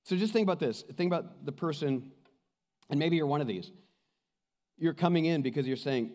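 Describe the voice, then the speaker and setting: Animated male pastor in a reverberant hall. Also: on the high side, moderate pace, pauses often. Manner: animated storytelling, acts out quoted voices. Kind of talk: sermon.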